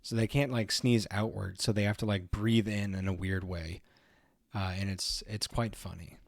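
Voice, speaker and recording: A man's voice: lowish voice, steady tone, moderate pace, vocal fry, no room sound. A man casually chatting to his viewers while streaming a video game, in a rambling, easygoing way. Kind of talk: casual let's play commentary.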